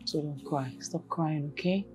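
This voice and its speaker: A gentle, soothing Nigerian mother. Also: low-pitched, faint music behind. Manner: gentle, coaxing, unhurried. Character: soothing mother, middle-aged woman.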